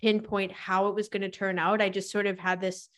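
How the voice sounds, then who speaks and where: A woman's voice: mid-range voice, flat delivery, a little fast, fairly bright tone. A woman guest on a podcast, explaining her views in a fluid, enthusiastic, casual way. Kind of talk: casual interview chat.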